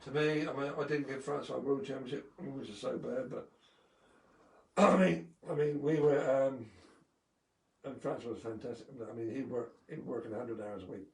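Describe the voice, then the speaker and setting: A man's voice: medium pitch, fairly even intonation, moderate pace, vocal fry. A man, a former motocross champion, telling rambling anecdotes full of fillers and chuckles on a live video call. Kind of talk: casual storytelling. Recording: echoey room, distant mic, faint noise.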